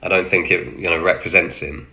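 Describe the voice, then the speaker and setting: A man casually recounting an anecdote from working as an extra on a film set, halting with many fillers and acting out quoted lines. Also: sits low, fairly even intonation, vocal fry, bright, forceful tone.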